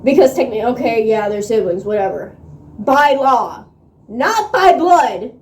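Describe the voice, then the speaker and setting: High-voiced woman, excitable slangy book vlogger, roomy echo on a phone mic. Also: measured pace. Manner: excitable, slangy, swears freely, laughs often. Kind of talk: casual reading vlog chat. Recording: echoey room on a phone mic.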